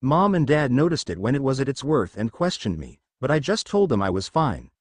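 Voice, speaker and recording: Expressive male story narrator. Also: medium pitch, a little fast, dry recording, clean studio sound. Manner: expressive first-person reading.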